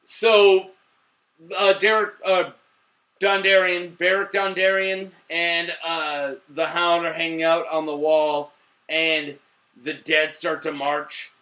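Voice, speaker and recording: A young man hosting a casual TV review, a little drunk, excitable and swearing, bursting into shouts. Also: on the high side, takes it slowly. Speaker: show host reviewing TV.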